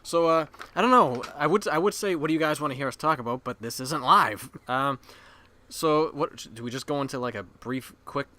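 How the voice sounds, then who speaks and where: A Boston man with a bright, forward voice chats crudely and laughs at himself as he co-hosts a podcast. His talk rambles and jokes along in a relaxed back-and-forth, recorded in a basement room. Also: a little high, brisk, dry recording. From Boston area. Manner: crude, self-mocking, laughs often. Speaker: podcast co-host. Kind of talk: casual chat.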